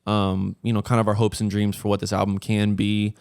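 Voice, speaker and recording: A man hosting a casual group podcast, relaxed and leading the conversation. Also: fairly low pitch, brisk, smooth, dry recording, clean studio sound. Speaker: podcast host.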